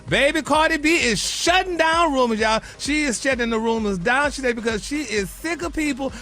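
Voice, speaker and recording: A man's voice: very high voice, normal speed, few pauses, sharp tone. A man delivering a celebrity gossip segment on a morning radio show in a sassy, flamboyant way. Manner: sassy, peppers talk with "honey" and "y'all".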